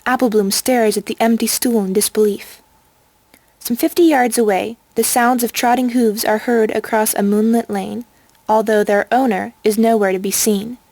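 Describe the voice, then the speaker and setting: A woman reading a storybook aloud in an even, measured way. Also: on the high side, dry recording. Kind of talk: storybook narration.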